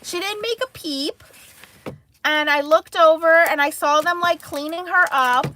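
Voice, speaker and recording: A woman's voice: extremely high pitch, unhurried, bright, forceful tone, slight background noise. A woman casually telling a family story to her live chat, rambling and full of filler words, laughing at herself. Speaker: mother streaming to live chat.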